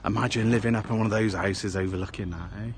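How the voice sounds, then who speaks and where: Walking through a small town outside, a vlogger chats in a rambling way, tacking "eh?" onto his remarks as tag questions. He talks fast in a lowish voice with fairly even intonation, and there's slight background noise.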